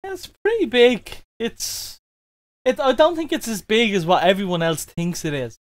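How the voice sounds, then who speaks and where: A young man with a mellow Irish accent, chatting casually as an interview guest, with frequent restarts and fillers. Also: high-pitched, moderate pace, dry recording. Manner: relaxed, repeats words, fillers like "like" and "um".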